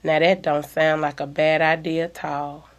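A folksy, drawling man with an easy, teasing swagger, in a fairly low, unhurried voice, as a woman reader takes his part. He talks slow and sure in a told story, never rushing a word. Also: level tone, highs cut off. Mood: easygoing. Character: cocky drawling man of the earth. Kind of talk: audiobook dialogue.

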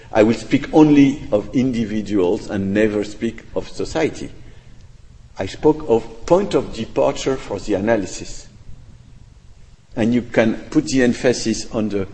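A man's voice: lowish voice, warm tone. A man answers an audience question in academic English, thoughtful and hesitant, hedging and restarting as he goes. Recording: echoey lecture hall.

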